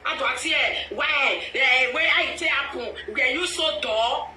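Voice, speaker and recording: Animated Nigerian woman in an echoey room. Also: high voice, a little slow. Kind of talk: casual pidgin commentary. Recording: echoey room, from a distance, faint noise.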